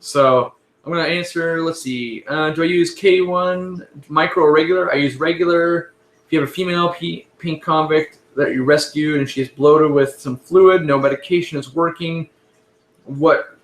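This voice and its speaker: Rambling man in an echoey room. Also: a little high. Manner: relaxed, rambling, self-correcting. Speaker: live stream host answering viewer questions. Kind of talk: casual live stream Q&A.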